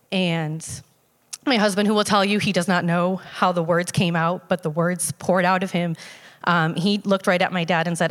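A woman's voice: mid-range voice, normal speed, a bit bright, in a large hall. A woman telling a personal story in a casual, conversational way, with many fillers and restarts. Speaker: storyteller sharing a personal testimony.

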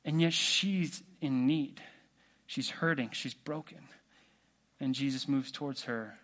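A man preaching a sermon in a relaxed, conversational way, asking the congregation questions. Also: medium pitch, slow pace. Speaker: pastor.

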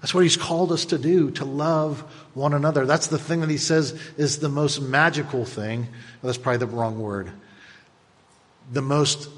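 A pastor in his fifties preaching a sermon with animated delivery that builds to loud exclamations. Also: medium pitch, slightly rough, long reverb tail. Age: 50s.

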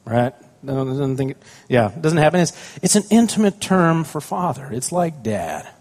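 A man's voice: a little high, big pitch swings, unhurried, darkish tone. A man, a pastor, preaching a conversational sermon with stories about his young children, often asking the congregation questions.

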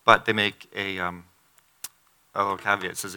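A man's voice: on the low side, steady tone, quick pace, pauses often, sharp tone, clear, resonant tone. A middle-aged pastor giving a conversational sermon, acting out the quotes from the story as he reads. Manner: conversational, acts out quotes from the text.

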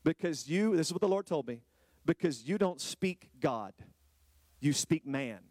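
Man, pastor, sermon, higher voice, dry close sound, rhetorical questions, quiet lows and loud drawn-out highs. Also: animated, no room sound. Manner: preaching, swings from low and quiet to high, loud, drawn-out exclamations; addresses the congregation directly with rhetorical questions. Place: church hall with a congregation.

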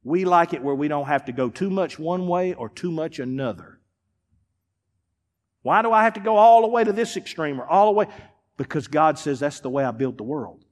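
A man pastor preaching a sermon in a folksy, emphatic way, dropping now and then to quiet asides. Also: on the high side, lively intonation, normal speed, big-room sound. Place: church sanctuary.

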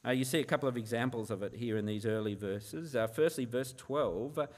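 A man's voice: medium pitch, brisk. A man, a pastor, preaching a sermon in an earnest manner, often asking the listeners rhetorical questions.

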